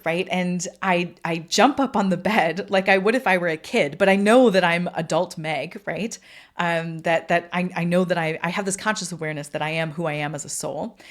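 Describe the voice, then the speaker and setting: A young woman hosting a podcast, telling a long story in a chatty, rambling way with many restarts, putting on a high bubbly voice for quoted lines. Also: moderate pace. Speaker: podcast host. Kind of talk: storytelling monologue.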